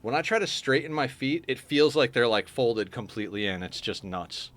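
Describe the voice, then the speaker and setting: A man hosting a live game stream, talking casually to his chat between moves. His voice sits at an ordinary middle pitch, and he rambles along in a loose, friendly flow of small talk. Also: steady tone, normal speed, fairly bright tone. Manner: chatty, answers viewer chat while playing.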